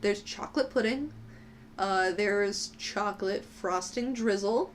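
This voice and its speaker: A woman co-hosting a casual podcast chat, joking and swearing, and tossing in quick teasing quips. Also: mid-range voice, a little hiss or hum. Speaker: podcast co-host.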